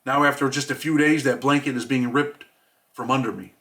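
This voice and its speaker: A man from New York reads from his own book in a steady, measured way, pausing on reflective lines. His voice is bright and forward, and his pitch sits in a middle range. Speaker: author reading his memoir. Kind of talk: audiobook reading.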